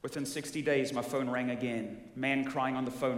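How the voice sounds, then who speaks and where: A man's voice: mid-range voice, fairly even intonation, normal speed. A man pastor preaching a sermon, talking directly to the congregation with questions and vivid stories. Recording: echoey hall with long reverb.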